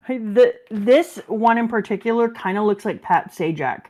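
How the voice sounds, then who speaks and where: A woman's voice: on the high side, measured pace, mellow. A woman co-hosting a live stream, chatting casually and animatedly, laughing often and acting out quotes. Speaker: stream co-host. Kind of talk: casual chat.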